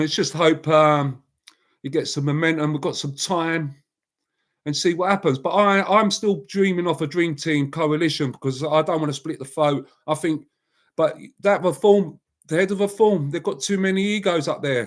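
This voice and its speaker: A man hosting a casual live chat, talking bluntly in a rambling way and answering viewers by name. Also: a little high. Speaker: livestream host.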